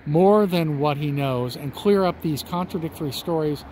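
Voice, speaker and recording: A man's voice: on the high side, normal speed, darkish tone, a little hiss or hum. A man hosting a true-crime vlog, talking in a chatty, folksy way to his viewers while standing outdoors on a residential street. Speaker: channel host.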